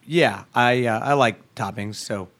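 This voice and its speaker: Hesitant male guest, stop-start delivery, mid pitch. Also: measured pace, a bit bright. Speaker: podcast guest. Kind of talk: casual chat.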